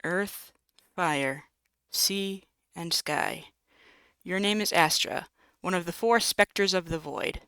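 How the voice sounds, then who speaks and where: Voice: mid-range voice, slow, bright, forceful tone, smooth, no room sound, rough recording. Wry reader of a text game. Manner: wry, jokey, self-interrupting. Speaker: narrator and let's-play host. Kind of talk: reading a text game aloud with asides.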